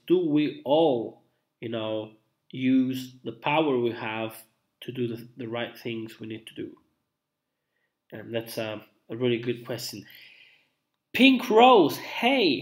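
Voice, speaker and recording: A young man chats with his live-stream viewers while he is feeling unwell. His voice sits at an everyday middle pitch. He rambles, backtracks and fills the pauses with ums and uhs. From Italy. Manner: chatty, rambling, with many fillers and restarts. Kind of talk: casual live-stream chat.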